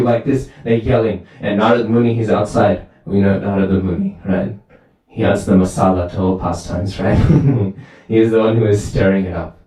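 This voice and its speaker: A man's voice: fairly low pitch, moderate pace. Man preaching in an echoey hall. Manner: lively storytelling, asks "right?" often. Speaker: temple speaker. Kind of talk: sermon with storytelling. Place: temple hall. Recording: very echoey hall, far from mic.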